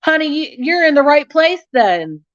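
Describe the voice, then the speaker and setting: A young adult woman with a high-pitched, sing-song voice speaks at normal speed. As a YouTube channel host, she holds a casual live chat with her viewers, talking frankly and scatteredly and laughing often. The recording sounds dull and lo-fi.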